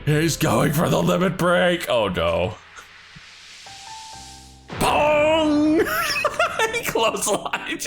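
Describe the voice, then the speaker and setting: Casting: animated let's-play host, man, slow drawl with huge pitch swings, game music faint behind. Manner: animated, laughing, reacting loudly. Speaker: gaming channel host.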